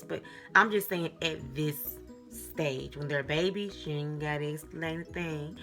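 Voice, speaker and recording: A young woman giving casual parenting advice in a chatty, animated way, often repeating herself and laughing. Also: deep voice, fairly quick, faint music behind. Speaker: mom vlogger.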